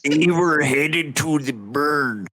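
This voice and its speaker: A rustic villager, played by a game master speaks slowly in a folksy drawl, full of old-fashioned country words. He is a plain, gruff character from a homemade fantasy game. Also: medium pitch, bright, forceful tone, dry recording. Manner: folksy, drawling, says "ye" and "boyo".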